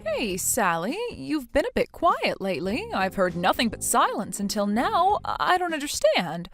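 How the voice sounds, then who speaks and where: An indignant mother-in-law , as a woman reads her part scolds with accusing, rising outbursts. Her fairly high voice swings widely in pitch. Faint music sits behind the text message story. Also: wildly swooping pitch, unhurried, fairly bright tone, heavily acted. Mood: scolding.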